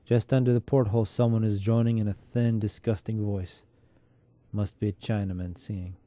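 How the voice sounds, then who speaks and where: A man reads a literary story aloud at an unhurried, measured pace. His voice is very dark and mellow and slightly low, and it is recorded close and dry with no room sound. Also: steady tone, no room sound. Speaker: narrator.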